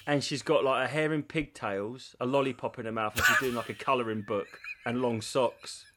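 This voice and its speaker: A man's voice: medium pitch, steady tone, moderate pace, fairly bright tone, slight background noise. A man co-hosting a podcast, telling crude stories in casual chat and acting out other people's voices. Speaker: podcast co-host.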